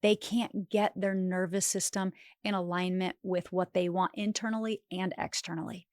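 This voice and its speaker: A woman's voice: fairly low pitch, fairly even intonation, normal speed, a little mellow, dry recording, studio quality. A young woman talking straight to her viewers as a wellness coach, earnest and encouraging, sometimes near tears. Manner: earnest, encouraging, emotional at times. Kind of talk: heartfelt direct-to-camera talk.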